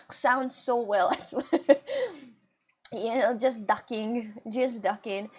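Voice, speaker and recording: A woman's voice: sits high, a little slow. A young woman with a Russian and British mixed accent, chatting casually with her live-stream chat and laughing often.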